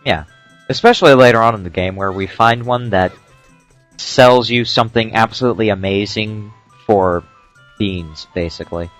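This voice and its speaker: A man doing casual commentary over a video game, explaining tips with dry jokes and frequent "uh" pauses. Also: on the low side, fairly bright tone, soft background music. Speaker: let's play commentator.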